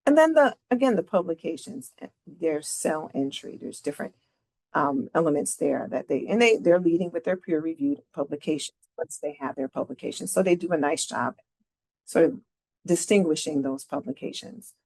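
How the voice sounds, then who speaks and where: A woman's voice: low-pitched, lively intonation, moderate pace, vocal fry, a little mellow. A middle-aged woman leading a careers workshop, walking through slides in a conversational way and often checking in with "right?". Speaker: career advisor presenting a workshop.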